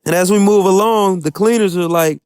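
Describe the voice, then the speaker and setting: A man's voice: sits high, normal speed, a little mellow, clear, resonant tone, no echo. A man recapping an anime episode in an upbeat, casual, slangy storytelling way. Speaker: anime reviewer.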